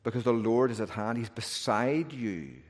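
A male pastor preaching a sermon earnestly, building to emphatic peaks and dropping to a hush in prayer. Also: mid-range voice, lively intonation, moderate pace. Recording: long reverb of a large hall.

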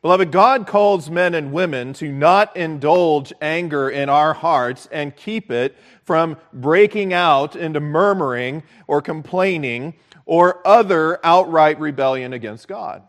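A man preaching a sermon as pastor, earnest and measured, repeating key phrases for emphasis. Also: fairly high pitch.

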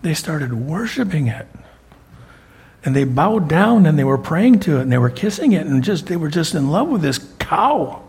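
Gravelly older male preacher. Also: a little high, big pitch swings, moderate pace, darkish tone. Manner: folksy storytelling, repeats words. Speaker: pastor. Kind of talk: sermon.

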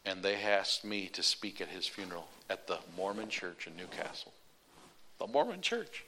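Man, preacher, sermon story, animated, strings lines together with "and", bright forward tone. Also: sits low, moderate pace, a little hiss or hum. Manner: animated, runs on with repeated "and".

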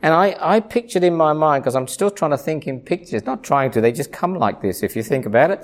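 A man preaching a sermon, swinging from hushed low asides to high ringing emphasis, with rhythmic repeated phrases. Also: lively intonation, fairly quick, hardly any pauses. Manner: repetitive, rhythmic lists of phrases.

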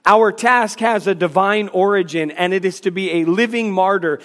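A man preaching a sermon as pastor, emphatic, acting out scripture scenes in quick dialogue. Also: high voice, fairly bright tone, long reverb tail.

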